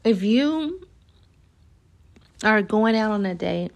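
A woman hosts a casual podcast in a relaxed, conversational way, with a gravelly fry running through her voice. She talks straight to the listener and slips into short acted-out scenes to make her point. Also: mid-range voice, slow pace, long pauses. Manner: conversational, animated, acts out little scenes. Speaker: podcast host. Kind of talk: casual podcast monologue giving dating advice.

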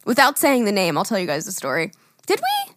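A woman's voice: medium pitch, wildly swooping pitch, fairly bright tone, no room sound, studio quality. A young woman co-hosting a podcast, telling stories in casual chat with lots of laughing and swearing. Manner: laughing, swearing, quick storytelling with acted quotes. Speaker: podcast co-host.

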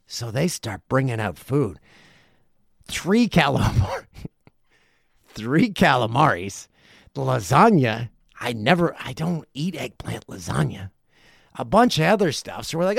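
Forties male podcast host, lively storyteller with a gravelly voice, dry close sound. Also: mid-range voice, measured pace, long pauses, dry recording. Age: 40s. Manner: animated, profane, laughs through the telling. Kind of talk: casual storytelling.

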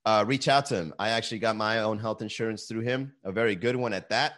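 A man's voice: fairly low pitch, quick pace, fairly bright tone. A man in his late thirties hosting a podcast, ranting loosely and profanely, calling his listeners bro and man. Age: 30s. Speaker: podcast host. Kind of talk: casual profane rant.

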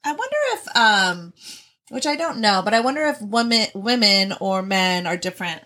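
A woman's voice: medium pitch, animated, normal speed, pushed and bright. A young woman in frank casual chat, blunt and profane, laughing often.

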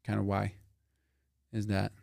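A man's voice: on the low side, completely flat delivery, a little slow, creaky, darkish tone, no echo, studio quality. A man co-hosting a casual podcast chat, rambling and thinking aloud with fillers. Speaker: podcast co-host.

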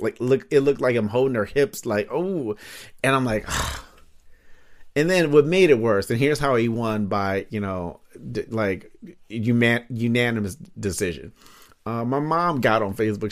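Rambling, laughing man hosting a podcast. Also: mid-range voice. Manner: rambling, laughs often, heavy fillers and swearing. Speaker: podcast host. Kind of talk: casual solo podcast chat. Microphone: studio microphone.

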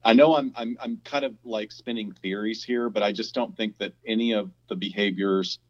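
A man's voice: lowish voice, fairly even intonation, normal speed, muffled recording. A man co-hosting a casual discussion podcast, thinking aloud with frequent restarts as he builds his point. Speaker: podcast co-host.

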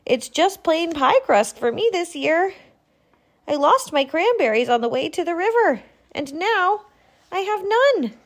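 A woman voicing a kind, generous female porcupine in a storybook, in a bright, friendly, lilting voice. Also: a little high, sing-song, takes it slowly, full character voice.

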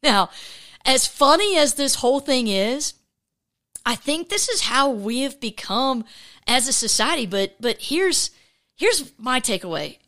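Woman podcast host. Chatty, animated solo talk with many fillers. Acts out the voices she quotes. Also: high voice, a little slow. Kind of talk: casual faith podcast monologue.

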